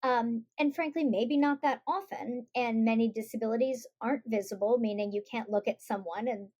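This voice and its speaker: A middle-aged woman, a guest on a podcast, telling stories in a lively way and acting out the voices she quotes. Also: on the high side, normal speed. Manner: animated storytelling, acts out quoted voices. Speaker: guest, author and parent. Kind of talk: conversational podcast interview.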